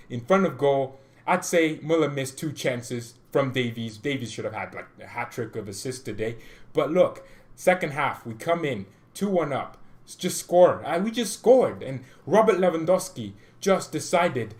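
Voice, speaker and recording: A young man hosting a football fan channel, ranting about a match with loud, hyped outbursts that drop into calmer talk. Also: medium pitch, normal speed. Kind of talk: excited fan reaction rant.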